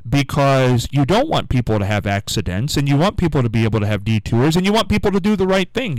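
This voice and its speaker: A man's voice: medium pitch, no room sound, low-quality recording. Chatty man hosting a radio show. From Ohio. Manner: rambling, chatty, musing aloud. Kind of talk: casual radio monologue.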